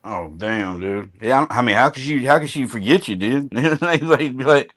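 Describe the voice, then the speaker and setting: A man's voice: mid-range voice, animated, moderate pace, dry recording. A man hosting a casual chat, reacting with short, laid-back remarks.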